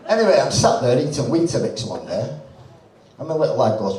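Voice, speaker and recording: A man's voice: mid-range voice, expressive, fast, background noise. A man, a stand-up comedian telling a swearing, chatty story on a club stage, a bit drunk. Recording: roomy live club sound from a distance.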